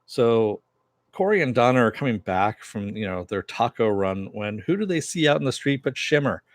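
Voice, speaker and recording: A man's voice: mid-range voice, sing-song, normal speed, no room sound, clean studio sound. A man casually recapping a TV episode, rambling loosely with lots of fillers and some swearing. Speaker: TV episode reviewer. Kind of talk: casual recap with paraphrased quotes.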